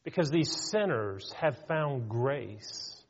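A man's voice: mid-range voice, animated, slow, breathy edge. A man preaching a sermon with earnest emphasis and rhetorical questions, in a church hall. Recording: reverberant hall, dull lo-fi.

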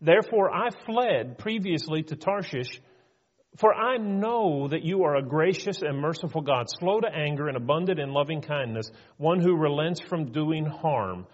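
A man's voice: medium pitch, moderate pace, close to an everyday voice. A man acting out a sulking prophet begging to die, pleading and complaining, his voice raised and strained, heard through a dull, lo-fi recording that rings with long hall reverb. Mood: miserable pleading.

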